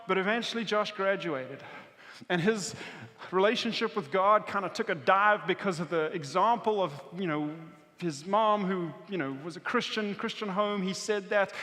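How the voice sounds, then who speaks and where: A man preaching a sermon as pastor, telling a story vividly and swinging between intense outbursts and hushed moments. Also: sits high. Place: church auditorium. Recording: church hall reverb.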